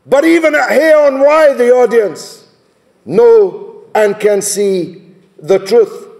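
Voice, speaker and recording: Male orator, high-pitched, slow and deliberate, booming through a reverberant hall. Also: gravelly. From Scotland. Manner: impassioned, shouting rhetorical questions. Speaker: political speaker. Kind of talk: rousing conference speech. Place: large conference hall.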